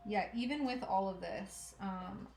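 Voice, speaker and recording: At home, a woman livestreams her crafting, sorting thread while she chats casually, giggles, and talks to herself and her cat. Her mid-range voice is unhurried, gravelly, and a bit dark in tone. The room echoes, and faint music plays underneath.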